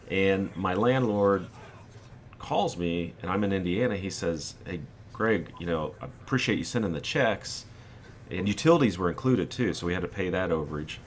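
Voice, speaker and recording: A man's voice: low voice, lively intonation, moderate pace, slight background noise. A man in his forties hosting a gaming channel, telling a rambling personal anecdote over gameplay and acting out the quotes.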